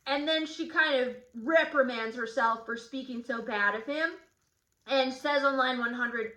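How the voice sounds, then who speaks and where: A woman teacher walks through a literature lesson, explaining the plot and acting out the quoted lines. Her voice is high and bright, and it rings in an echoey room. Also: normal speed.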